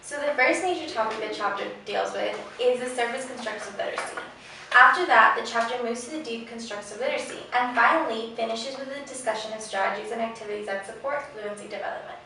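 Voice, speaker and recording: A woman's voice: a little high, fast, sharp tone, very echoey, distant mic, a little hiss or hum, low-quality recording. A woman student introducing topics conversationally in a prepared class presentation. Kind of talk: reading a scripted class presentation.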